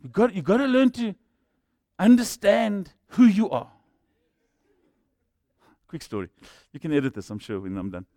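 A man's voice: high voice, very animated, moderate pace, long pauses, warm tone, no room sound, studio quality. A man with a South African accent preaching a sermon as a jokey storyteller who acts out the people in his stories.

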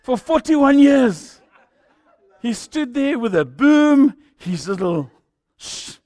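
A man's voice: very high-pitched, big pitch swings, takes it slowly, dark tone, no room sound. A man with a South African accent preaching a sermon as a jokey storyteller who acts out the people in his stories.

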